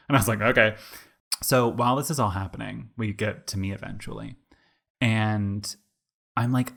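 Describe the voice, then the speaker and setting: A man's voice: lowish voice, brisk. A man in his twenties co-hosting a podcast, telling a rambling story in casual chat and saying "like" all the time. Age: 20s. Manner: rambling, animated, heavy use of "like". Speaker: podcast co-host.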